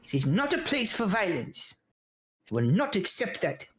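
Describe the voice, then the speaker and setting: A man voicing a tiny, very old male gnome leader who is gruff, commanding and a little out of breath. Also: huge pitch swings, normal speed, soft background music. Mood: stern. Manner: high, huffing, commanding and brusque.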